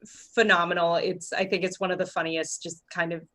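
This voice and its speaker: A woman's voice: lowish voice, level tone, fairly quick, sharp tone, a little hiss or hum. A woman co-hosting a casual podcast. She talks in a loose, rambling way, full of filler words and restarts. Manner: chatty, lots of filler words. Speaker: podcast co-host. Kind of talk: casual chat.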